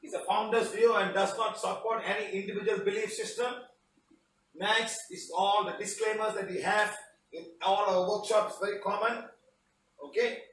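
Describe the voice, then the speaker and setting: Guy running a live healing class, keeps saying okay guys, kinda high voice, mic far off. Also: steady tone, moderate pace, a bit bright, echoey room, a little hiss or hum. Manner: chatty, repeats "okay, guys". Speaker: healing teacher. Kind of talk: live online healing session. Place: studio under a spotlight.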